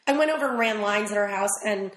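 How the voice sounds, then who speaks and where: A woman chatting casually as a guest in an interview, rambling with quick asides. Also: mid-range voice, fairly bright tone, reverberant, rough recording. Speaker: actress guest.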